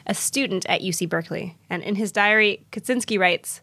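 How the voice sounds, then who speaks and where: A woman's voice: mid-range voice, brisk, few pauses, pushed and bright, dry recording. A woman hosting a podcast, explaining a story in casual chat with frequent laughs. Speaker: podcast host.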